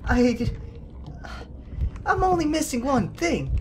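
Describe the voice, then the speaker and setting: A woman gives horror game commentary at an unhurried pace, her fairly high voice swinging widely in pitch. She grumbles, curses and talks under her breath. The recording has clear background noise and keyboard typing. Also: very animated. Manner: frustrated, swearing, muttering to herself. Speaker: gaming video creator.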